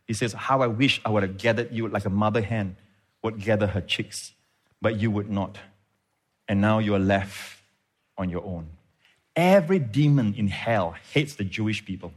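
A man preaching a sermon as pastor, building fervor and punctuating with frequent amens. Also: fairly low pitch.

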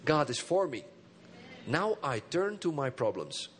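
A pastor delivers an emphatic sermon in a notably high voice for a man. He keeps calling out to his congregation for answers and repetition. His phrases drop low and soft, then rise in sudden bursts. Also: big pitch swings, unhurried, a little hiss or hum. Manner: engages the congregation with call and response.

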